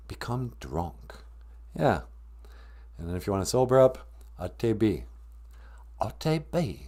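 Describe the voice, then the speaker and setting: A man's voice: mid-range voice, sing-song, unhurried, long pauses, darkish tone. A man with a Minnesotan accent hosting a comedic podcast, chatty and upbeat, laughing easily. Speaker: podcast host.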